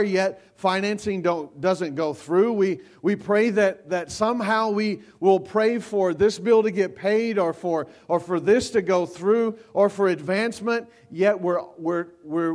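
Slow, high-voiced preaching man. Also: a little mellow. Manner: slow, emphatic preaching with rising cries when quoting scripture; repeats and restarts words. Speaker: pastor. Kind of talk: sermon.

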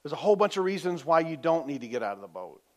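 A man preaching a sermon as pastor, telling the story vividly, asking for amens and dropping from loud to hushed. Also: fairly high pitch, fast talker. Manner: lively storytelling, swings between loud and hushed; asks the congregation for amens.

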